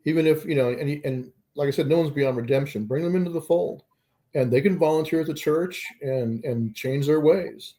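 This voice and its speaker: Mellow-voiced male guest, measured. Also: a little high. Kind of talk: political talk show discussion.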